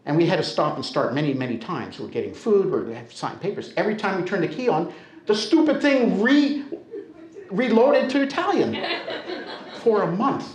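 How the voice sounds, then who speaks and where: An older American man spins a funny personal tale for a live crowd, his talk loose and conversational. His voice sits a bit high for a man, and the hall adds a clear echo around every line. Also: big pitch swings, normal speed. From United States. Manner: conversational and humorous. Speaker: storyteller. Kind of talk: told personal story before a live audience. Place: storytelling center hall. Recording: echoey hall.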